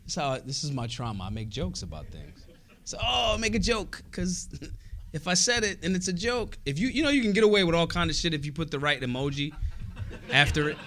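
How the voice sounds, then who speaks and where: A man speaking at a convention hall with a bright, high, wildly swinging voice. He curses freely and punches his points hard, then drops into quiet asides. The delivery is a rousing political speech. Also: sing-song, fairly quick. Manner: profane, emphatic, swings between shouts and low asides.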